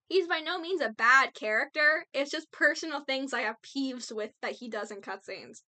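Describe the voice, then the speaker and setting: A woman's voice: high voice, bright, forceful tone. A woman giving casual, opinionated commentary on a video game, ranting bluntly and playfully with frequent laughs. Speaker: gaming video creator.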